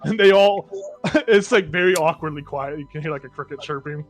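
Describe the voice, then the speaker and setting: Casual game master, light voice. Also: male voice, on the high side, a little fast, soft background music. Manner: casual, rambling, with many fillers. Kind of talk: narrating a tabletop game.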